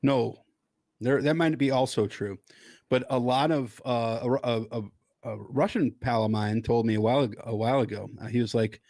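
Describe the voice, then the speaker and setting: A man's voice: fairly even intonation, moderate pace, darkish tone, no echo, clean studio sound. A man co-hosting a podcast, telling a story in a loose, playful, riffing way. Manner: playful, riffing, breaks into silly high voices. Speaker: podcast co-host. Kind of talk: casual chat.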